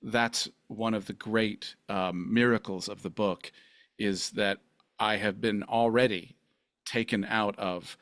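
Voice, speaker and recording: A man's voice: on the low side, steady tone, slow pace, fairly bright tone, no echo, clean studio sound. A man hosting a podcast interview, rambling and effusive in his praise. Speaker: podcast host. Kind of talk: casual interview chat.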